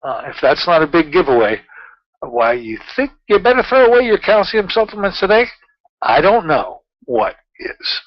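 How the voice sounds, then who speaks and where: A man's voice: on the high side, big pitch swings, moderate pace, dry recording, dull audio. A man hosting his own talk show, chatting loosely through news items with many fillers and asides. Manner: chatty, rambling, with frequent fillers. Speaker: radio show host. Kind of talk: casual talk-show monologue.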